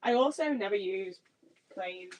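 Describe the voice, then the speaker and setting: This livestreamer, a young Midlands woman with a slight Liverpool edge to her accent, bakes at home while chatting to her viewers. Her mid-range voice comes through unhurried against a noisy background. Her talk is rambling and chatty, full of casual swearing and self-deprecating jokes.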